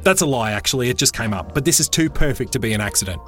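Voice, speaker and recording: Male podcast host over soft music. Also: mid-range voice, lively intonation, fast talker. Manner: light, joking asides. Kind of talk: scripted narration. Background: faint music.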